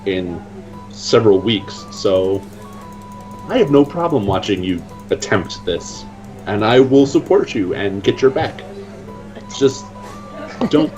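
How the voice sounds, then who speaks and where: A man's voice: lowish voice, a little mellow, highs cut off. A man playing in a tabletop game, joking and laughing often while talking in character. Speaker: player. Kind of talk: casual in-character role-play.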